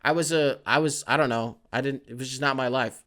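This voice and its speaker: A man in the middle of his range telling stories on his own podcast. He talks loosely and profanely, with lots of filler words, and ramps up into excitable bursts. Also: mid-range voice, fairly quick, hardly any pauses. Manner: gets excitable and louder when worked up. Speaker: podcast host. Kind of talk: casual solo podcast storytelling.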